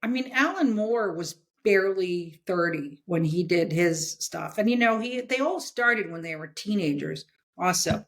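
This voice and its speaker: A woman's voice: lowish voice, animated, measured pace. A woman talking bluntly and emphatically as a guest in a casual interview, often checking in with "okay?". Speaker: comics editor and guest.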